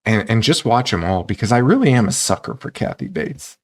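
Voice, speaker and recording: A man co-hosting a casual horror movie podcast, animated, laughing often and swearing freely. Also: medium pitch, a little fast. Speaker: podcast co-host.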